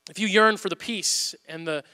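Bright-voiced male pastor in a reverberant hall. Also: sits high, normal speed, smooth. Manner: animated storytelling, swinging from loud to hushed. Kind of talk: sermon.

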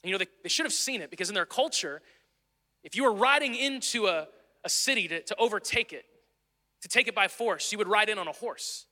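Bright-voiced man preaching in a reverberant hall. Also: sits high, expressive, brisk. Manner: earnest, conversational preaching with small restarts. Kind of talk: sermon.

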